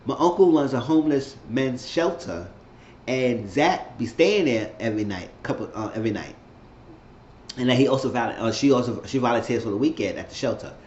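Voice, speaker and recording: A man's voice: mid-range voice, lively intonation, a little fast, a little mellow, a little hiss or hum. Man recapping a show in a roomy room. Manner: loose, rambling retelling with restarts. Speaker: TV show reviewer on his channel. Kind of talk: casual episode recap. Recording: roomy, slightly dull home recording.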